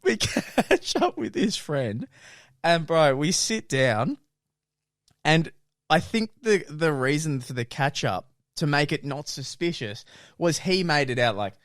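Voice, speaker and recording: Podcast co-host man, fairly high and very expressive, casual storytelling that keeps breaking into laughs, dry booth sound. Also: slow, no echo. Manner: animated, laughs through his own story; acts out friends' lines in lowered quoted voices.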